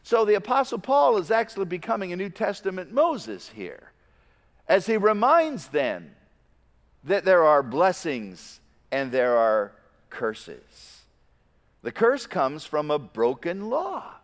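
A man delivering a sermon, his somewhat high voice leaping up and down in pitch as he drives home each point. He alternates forceful emphasis with hushed, low asides. The sound carries the long reverb of a large hall. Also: sing-song, slow. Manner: emphatic preaching, swings between loud stresses and quiet low asides. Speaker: pastor.

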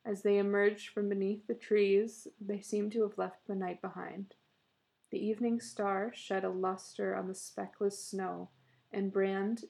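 A woman reads a short story aloud at a steady, measured pace. Her voice is gravelly, with a dark, mellow tone. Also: mid-range voice. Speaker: narrator.

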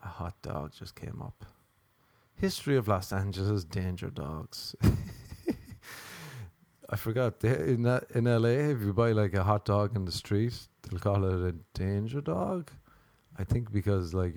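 A man's voice: fairly low pitch, animated, unhurried, a little mellow, dry recording. A man with an Irish accent telling a rambling comic rant, swearing freely and mocking people. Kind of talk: casual comedic rant.

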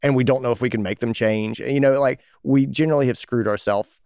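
A man co-hosting a podcast, talking casually and animatedly, often jumping up in pitch when he acts out what other people say. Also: fairly even intonation, a little fast, darkish tone, clean tone, no room sound, clean studio sound. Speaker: podcast co-host, veterinarian.

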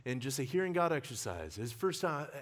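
A male pastor preaches with a lively, swooping voice that rises and falls all through his talk. He tells personal stories in an animated way and breaks into laughter often. His delivery stays warm-hearted and conversational from the pulpit. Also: mid-range voice, brisk. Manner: animated storyteller who laughs often while talking.

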